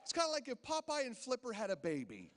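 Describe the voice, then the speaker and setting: A man's voice: very high voice, wildly swooping pitch, fast, a bit bright, big-room sound, slight background noise. A man in his thirties doing a chatty stand-up set in a casino, telling stories and acting out the people in them. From Canada. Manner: chatty storytelling, acts out quoted voices. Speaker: stand-up comedian. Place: casino stage.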